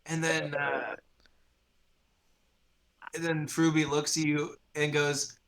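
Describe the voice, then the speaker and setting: A man's voice: fairly high pitch, little pitch movement, takes it slowly, long pauses, fairly bright tone. A man narrating a tabletop game as its game master, in loose storytelling full of fillers. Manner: loose, filler-heavy storytelling with sung sound effects.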